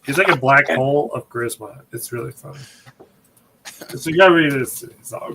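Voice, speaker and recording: A man's voice: a little high, brisk, bright, forceful tone, a little hiss or hum, low-quality recording. A man co-hosting a casual podcast, joking in a sarcastic, teasing way. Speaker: podcast co-host.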